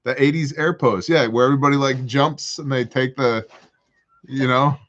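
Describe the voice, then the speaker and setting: Speaking at a normal speed with a medium pitch, a man chats through a prepper Q&A livestream from his porch, and the sound is lo-fi. He reads out viewer comments, jokes freely, and tells stories with plenty of animation.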